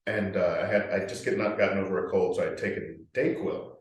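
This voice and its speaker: A male actor being interviewed, telling frank, animated stories and swearing freely. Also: low-pitched, brisk, a little hiss or hum. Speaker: actor guest. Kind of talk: candid interview storytelling. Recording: echoey room, mic far off.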